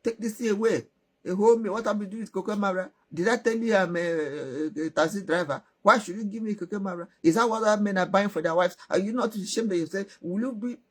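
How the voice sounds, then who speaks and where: A woman voicing a scornful, ungrateful young woman with a husky voice. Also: medium pitch, fairly quick, voice pushed up, natural voice. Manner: indignant, mocking questions.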